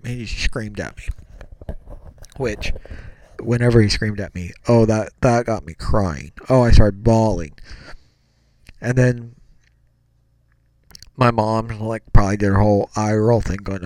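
Gravelly man telling a rambling story. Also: medium pitch, moderate pace, no echo. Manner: rambling, self-correcting, animated. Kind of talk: casual storytelling.

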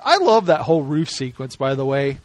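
A man's voice: mid-range voice, sing-song, fairly quick, heavy background noise. A man hosting a podcast, chatting casually and enthusiastically about a film, laughing often and acting out lines. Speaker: podcast host. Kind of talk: casual movie chat.

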